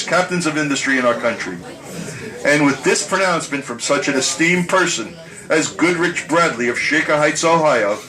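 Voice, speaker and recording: A man reciting a personal story to an audience, animated and chuckling as he tells it. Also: on the high side, rough recording. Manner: animated, chuckling through his tale.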